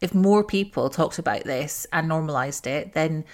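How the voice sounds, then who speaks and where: A woman's voice: sits low, moderate pace. A woman in her forties hosting an interview, chatty and agreeable, telling anecdotes and posing questions. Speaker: interviewer host. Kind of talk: conversational interview.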